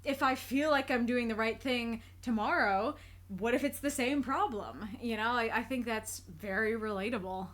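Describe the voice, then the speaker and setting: A woman with a high, light voice talks through her reactions in a relaxed, casual way. She is earnest and thoughtful, often breaking into a laugh and circling back to rephrase an idea until it lands. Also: moderate pace. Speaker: reaction video creator. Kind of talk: casual spoken commentary.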